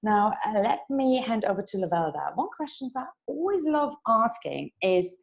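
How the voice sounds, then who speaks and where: Woman host for a chatty interview podcast, bubbly, quick to laugh, excited about her guest. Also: medium pitch, creaky, rough recording. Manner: bubbly and enthusiastic, laughs easily.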